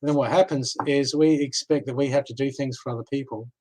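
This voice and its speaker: A man's voice: medium pitch, steady tone, fast, darkish tone, rough recording. An Australian man giving live card readings, talking casually and reassuringly, often checking in with "okay?". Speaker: card reader.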